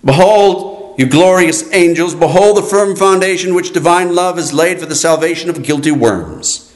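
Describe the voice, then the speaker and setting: A man's voice: a little high, moderate pace. A man preaching a sermon in a solemn, declaiming way, his voice rising and falling. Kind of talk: sermon reading.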